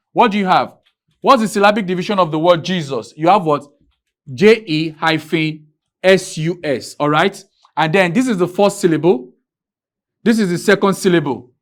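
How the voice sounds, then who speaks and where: Emphatic man teaching grammar at a board. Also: sits high. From Nigeria. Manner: drawn-out, emphatic teaching with repeated questions to students. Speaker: English teacher. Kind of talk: classroom grammar lesson. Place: classroom with a board.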